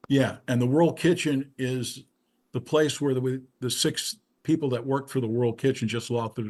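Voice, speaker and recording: Older guy musician rambling through a story, lots of restarts, mid-pitched voice. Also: fairly even intonation, normal speed, darkish tone. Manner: rambling, with frequent restarts and asides. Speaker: musician guest. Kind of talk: casual storytelling interview.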